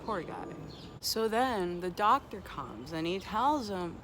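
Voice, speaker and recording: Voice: mid-range voice, very animated, takes it slowly, noisy background. A vlogger telling a sad joke in an earnest, melancholy way, musing aloud about life. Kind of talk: slow reflective monologue to camera.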